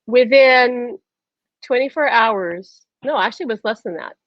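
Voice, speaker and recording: A woman hosting a show, telling a personal story in an animated way, laughing often and acting out conversations in quotes. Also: fairly high pitch, measured pace, dry recording, highs cut off. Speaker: host.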